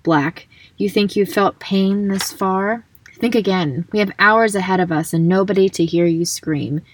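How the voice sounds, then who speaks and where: A woman reading aloud as a cold, cruel dark wizard man, slow and menacing. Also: medium pitch, no room sound, far from the mic, natural voice, poor audio.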